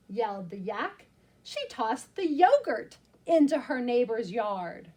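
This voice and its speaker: A woman's voice: on the high side, sing-song, slow pace, mellow, slightly rough. A woman teacher reading a picture book aloud to young children, explaining words simply and with expression.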